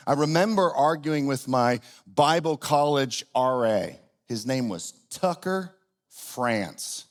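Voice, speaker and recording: A middle-aged man preaching a sermon in a relaxed, conversational way, often restarting his sentences and poking fun at himself. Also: mid-range voice, slow pace. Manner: conversational, self-deprecating, with frequent restarts. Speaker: pastor. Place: church auditorium.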